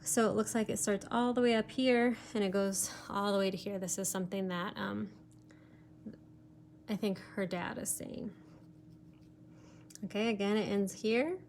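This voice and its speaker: A woman's voice: mid-range voice, steady tone, normal speed, long pauses, darkish tone, a little hiss or hum. A woman teacher giving a recorded remote lesson, explaining step by step with many fillers, sometimes turned away from her computer mic.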